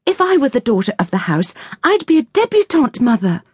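A woman voicing an excited seventeen-year-old girl in an audiobook, eager and gushing. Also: high-pitched, moderate pace, dry recording, clean studio sound, voice pushed up. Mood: protesting.

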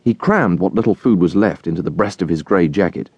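A man narrating a classic novel as an audiobook, in an expressive storytelling manner. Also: sits low, fairly quick, slightly rough, no room sound, highs cut off.

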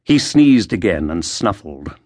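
A man narrating a historical mystery audiobook in a lively, expressive way, recorded close to a studio mic. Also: sits low, unhurried, dry recording. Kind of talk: scripted narration.

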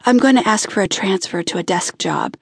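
A woman narrator voicing Chance, a steady and reassuring male firefighter. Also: medium pitch, a little fast, vocal fry, slightly rough, no room sound, studio quality.

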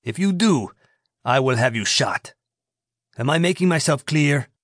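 A smug, greedy prison commandant, as an audiobook narrator puts him on. He draws out his words slowly in oily, falsely polite tones with threats beneath. The voice sits in an ordinary male pitch and is recorded dry and close. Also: lively intonation, a bit bright, no echo. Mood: sly menacing. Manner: slow, drawn-out, oily politeness with veiled threats.

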